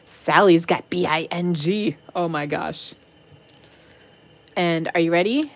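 Middle-aged woman host, giggly and playful, slow unhurried delivery, livestream bingo caller. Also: fairly low pitch. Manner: giggly, playful, breaks into silly singing. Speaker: host of an online craft workshop game night. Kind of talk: casual live-stream chat calling bingo. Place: home craft room.

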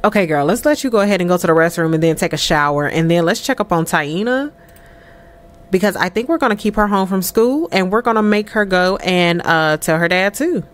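A woman giving chatty, animated let's-play commentary over a life-sim game, laughing often. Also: lowish voice, a little fast. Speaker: gameplay commentator.

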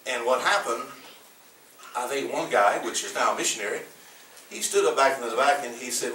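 Older southern preacher man, rambly folksy stories, bright voice, echoey church from far off. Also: medium pitch, animated, normal speed, pauses often, slight background noise. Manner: folksy storytelling, rambling with many fillers. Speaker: pastor. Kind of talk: sermon. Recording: echoey room from a distance.

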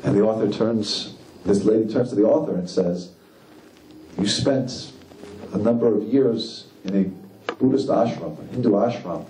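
A man preaching with impassioned, climbing emphasis. His voice is warm and mellow. He is picked up from a distance in an echoey hall, with a faint hum of the room behind him. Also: moderate pace. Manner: impassioned, rising pitch for emphasis. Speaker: rabbi. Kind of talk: sermon.

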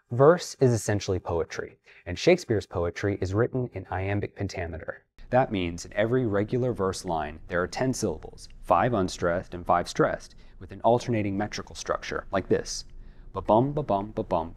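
A young adult man, an acting coach, giving scripted instructional narration in a clear, measured, lightly playful tone. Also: fairly low pitch, a little mellow.

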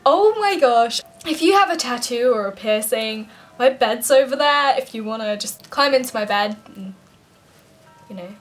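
A woman's voice: a little high, moderate pace, fairly bright tone. A young woman from England vlogging casually to camera, bubbly and giggly, laughing often between points.

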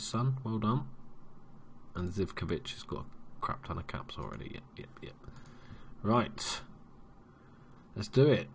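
A man casually commentating his football management game, muttering to himself and bursting into loud cheers. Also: fairly low pitch, slight background noise. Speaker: let's play gamer.

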